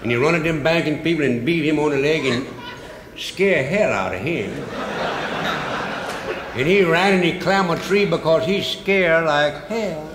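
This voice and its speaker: Man, folksy comic storytelling, drawn-out punchlines, long hall reverb. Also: on the high side, background noise. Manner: folksy dialect, drawls out punchlines. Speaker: humorist storyteller.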